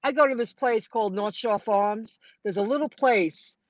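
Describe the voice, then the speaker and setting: A middle-aged woman telling viewers about her delivery rounds in a chatty, animated way, acting out what people said. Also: a little high, moderate pace, no room sound, dull audio. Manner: chatty, animated retelling with quoted dialogue. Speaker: food delivery driver vlogger. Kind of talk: casual storytelling to viewers.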